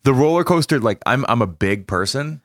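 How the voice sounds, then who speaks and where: A man's voice: mid-range voice, expressive, a little fast, dry recording. A man co-hosting a casual game studio podcast, laid-back with a teasing dry humor.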